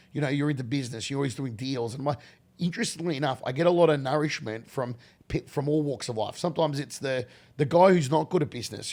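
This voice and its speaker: A middle-aged Australian man, a guest in a casual interview, telling rambling animated stories with many restarts. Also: medium pitch, creaky.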